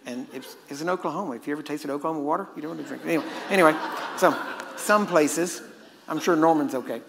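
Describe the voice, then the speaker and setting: A man's voice: fairly high pitch, quick pace, creaky, noisy background. A man preaching a sermon as a casual story, now and then laughing at his own asides. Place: church hall. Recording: echoey hall with faint ambience.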